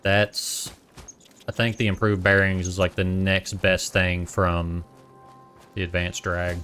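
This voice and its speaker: A man's voice: deep voice, flat delivery, slow pace, sharp tone, faint music behind. A man with a Boston accent streaming a game, chatting casually and thinking aloud. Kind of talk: casual gameplay commentary.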